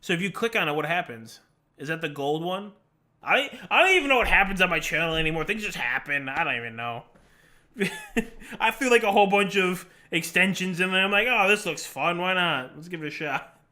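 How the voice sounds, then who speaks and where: A man's voice: high-pitched, animated, a little fast, sharp tone. A man chatting casually on a live stream, rambling and laughing often as he answers questions from chat while he plays.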